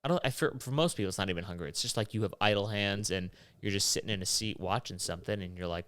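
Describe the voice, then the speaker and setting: A young man hosting his own show, rambling through a profane, animated rant. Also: low-pitched, moderate pace, clear, resonant tone, dry recording, clean studio sound. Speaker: podcast host. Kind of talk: rambling solo monologue.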